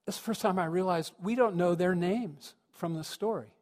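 A man's voice: high voice, moderate pace, darkish tone. A man, a minister, giving a sermon with reflective storytelling that rises to earnest emphasis. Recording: long reverb of a large hall.

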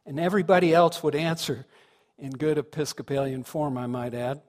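A man's voice: fairly high pitch, fairly even intonation, normal speed, a little mellow. A man giving a reflective, conversational sermon to a congregation, often asking them questions. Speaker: minister. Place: congregation hall. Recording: long hall reverb.

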